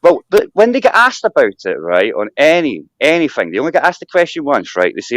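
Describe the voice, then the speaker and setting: A Scottish man hosting a casual live chat, talking in an animated, rambling rant with mocking asides. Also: lowish voice, moderate pace, dry recording. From Scotland. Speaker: live stream host.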